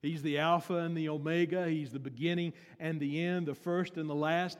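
Male pastor, high voice, sermon delivery that swings from hushed to emphatic, long church reverb. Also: fairly even intonation, brisk, few pauses. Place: church sanctuary.

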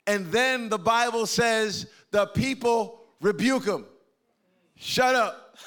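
A man preaching with a slightly high, bright-edged voice, swinging from playful asides to earnest calls. He works the room like a pastor in conversation with his congregation, teasing and joking between points. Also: takes it slowly. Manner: animated, conversational preaching with jokes and crowd interaction. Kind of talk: sermon to a live and online congregation.

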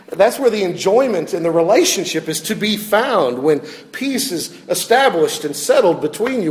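A man preaching a sermon as a pastor, earnest and expressive, often restarting his phrases. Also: sits high.

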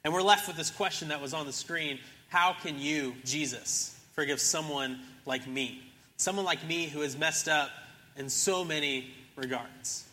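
Young male pastor with a bright, ringing voice. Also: a little high, a little slow, big-room sound. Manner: casual storytelling, acting out characters in the story. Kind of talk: sermon.

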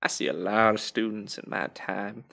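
A man's voice: fairly low pitch, normal speed, creaky, bright, forceful tone, pitched below the performer's own voice, full character voice. A man voicing a friendly male robot janitor with six arms, with a folksy drawl and a kindly, teasing manner.

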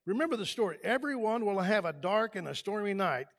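A man preaching a sermon in a church, building to loud emphatic peaks. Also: sits high, animated, a little fast. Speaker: pastor. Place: church sanctuary.

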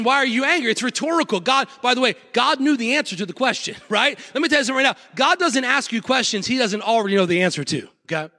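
A man, a pastor, preaching a sermon and telling the story in a lively way, often asking the congregation for an amen. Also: high voice, big-room sound.

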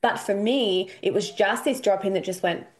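Australian woman, 30s, casual podcast host; chatty, animated storytelling. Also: medium pitch, moderate pace. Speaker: podcast host and intuition coach. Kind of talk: casual solo podcast talk.

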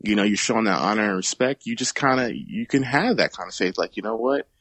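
A man co-hosting a casual podcast about faith, relaxed, repeating himself and ending lines with man or dude. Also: on the low side, fast talker, dry recording. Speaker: podcast co-host.

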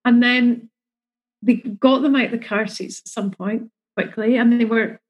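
A middle-aged woman tells a personal story in a chatty, emotional way. Her voice sits a bit high and has a husky edge. She slips into the voices of the people she quotes. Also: fairly even intonation, a little slow, poor audio. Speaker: mother sharing her story. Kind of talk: casual storytelling.

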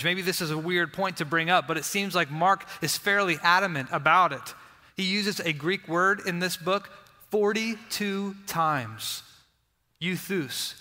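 A man preaching a sermon with earnest emphasis, dropping soft and low on key phrases. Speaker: pastor. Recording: long reverb of a large hall.

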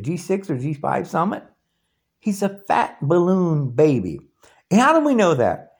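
Ranting man in his sixties, swinging pitch. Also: darkish tone. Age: 60s. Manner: ranting, taunting, challenging. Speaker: video blogger. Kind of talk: angry political rant.

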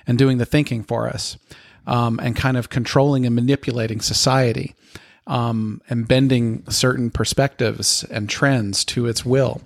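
A man's voice: mid-range voice, fairly even intonation, moderate pace, vocal fry, no room sound, clean studio sound. A man co-hosting a casual podcast chat, enthusiastic and prone to repeating words as he talks. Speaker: podcast co-host.

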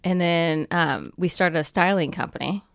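A woman from California talks as a podcast guest, trading self-deprecating jokes. Her voice is a little low. The sound is close and dry. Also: moderate pace, vocal fry, no room sound. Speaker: guest, business owner. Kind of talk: casual interview chat.

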